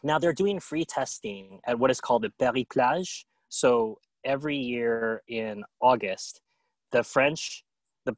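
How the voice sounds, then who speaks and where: A man's voice: medium pitch, unhurried, dry recording. A man hosting a casual question session, telling a travel story in a chatty way with fillers and restarts. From United States. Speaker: host of a moving-abroad Q&A event.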